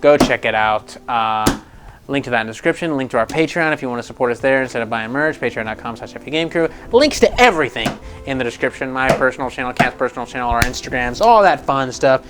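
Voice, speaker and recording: A man hosting a casual gaming news show, talking in a profane, animated, rambling way with frequent laughs. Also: medium pitch, fast.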